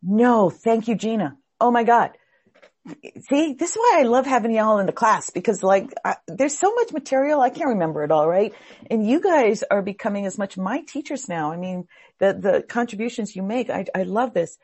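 Brief: woman teaching a class, sincere and searching, rough grainy voice with a breathy edge. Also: medium pitch, lively intonation, normal speed, a little mellow. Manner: earnest, heartfelt, searching. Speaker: spiritual teacher.

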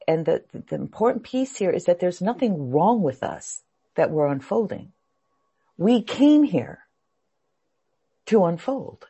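Gravelly, husky-voiced woman teacher. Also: lowish voice, very animated, unhurried, pauses often, warm tone. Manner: earnest, heartfelt, searching. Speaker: spiritual teacher. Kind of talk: teaching a class.

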